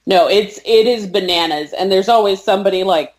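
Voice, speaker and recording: Female co-host, mid-pitched; dry, deadpan sarcasm. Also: fairly quick. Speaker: podcast co-host. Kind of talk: casual chat.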